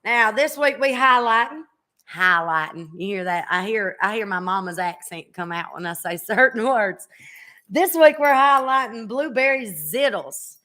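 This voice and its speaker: A woman's voice: mid-range voice, lively intonation, normal speed, sharp tone. A woman in her thirties hosting a casual podcast chat, chatty and teasing, with a drawl and frequent fillers. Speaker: podcast host.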